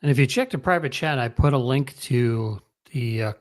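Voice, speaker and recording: Co-host, male, mid-pitched voice, relaxed and hesitant delivery. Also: normal speed. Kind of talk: casual chat on a livestream.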